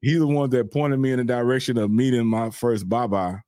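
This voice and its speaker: A man's voice: medium pitch, steady tone, fairly quick, dark tone, no room sound, clean studio sound. A man, a guest telling loose, laughing anecdotes full of filler words. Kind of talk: casual storytelling.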